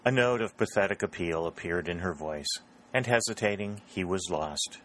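A man reads a novel aloud in scripted narration. His voice sits very low and his delivery is steady and even. A faint hiss runs under the recording. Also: normal speed, poor audio. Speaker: audiobook narrator.

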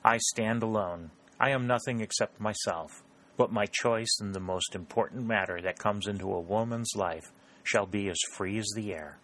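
A man's voice: lowish voice, normal speed, a bit bright. A man reading the lines of a proud young woman who coldly refuses a suitor in an audiobook. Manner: cold, level, firm.

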